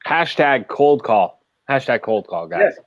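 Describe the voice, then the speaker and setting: A man's voice: mid-range voice, animated, measured pace, creaky, no echo. A man co-hosting an interview on a video call, mostly giving brief affirmations and steering the talk. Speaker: co-host. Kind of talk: casual interview chat. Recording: dull, dry video call audio.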